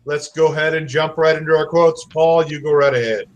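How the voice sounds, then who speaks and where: A man's voice: a little high, fairly even intonation, brisk, lo-fi sound. A man hosting a casual podcast, moderating the panel in an easygoing, self-deprecating way. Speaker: host.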